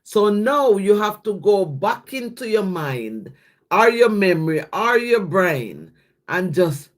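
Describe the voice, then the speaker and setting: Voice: mid-range voice, very animated. A livestream host speaking in a casual devotional chat, reading scripture and viewer comments aloud and often checking in with "yes?". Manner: slow, repeats "yes?" after each thought, thanks viewers by name.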